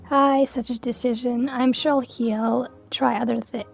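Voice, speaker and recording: A woman chatting through a game playthrough as a streamer, reacting loudly and with excitement to what happens on screen. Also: fairly high pitch, measured pace, vocal fry. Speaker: gaming streamer.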